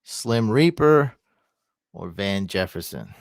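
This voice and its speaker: Man, low voice, live-stream host, thinks aloud, answers chat, dry close sound. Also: lively intonation, takes it slowly, vocal fry, no echo. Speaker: fantasy football streamer. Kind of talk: casual live-stream advice.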